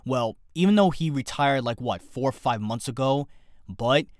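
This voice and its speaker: Young male podcast host, lively and joking, dry close mic. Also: medium pitch, no echo. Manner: animated, jokey, talks fast in bursts. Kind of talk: casual solo podcast commentary.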